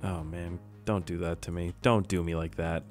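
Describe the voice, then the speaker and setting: A young man giving casual, jokey commentary on his own gameplay, talking to himself with sudden high-pitched outbursts. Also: level tone, moderate pace, soft background music. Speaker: gaming YouTuber.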